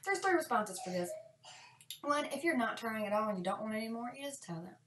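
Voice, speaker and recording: A woman giving sassy, deadpan, folksy comic advice in a monologue. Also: on the high side, a little fast. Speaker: parenting comedy vlogger. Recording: echoey room, distant mic.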